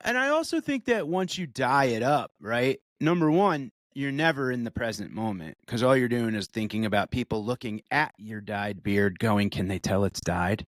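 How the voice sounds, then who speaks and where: A man's voice: medium pitch, lively intonation, moderate pace, few pauses, no room sound. A male stand-up comedian co-hosting a podcast, chatting casually with emphatic, profane riffs. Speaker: podcast co-host.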